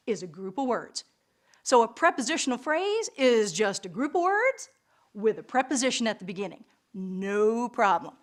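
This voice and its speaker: A woman's voice: a little high, big pitch swings, a little slow. A woman teaching an English class with theatrical enthusiasm and playful asides. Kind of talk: recorded classroom lesson.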